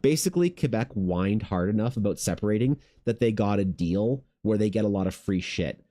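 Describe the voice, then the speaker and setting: A man's voice: fairly low pitch, animated, a little fast, mellow. A man who streams art and chats casually, rambling with lots of "like" and swearing. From Canada. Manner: rambling, heavy "like" filler, profane.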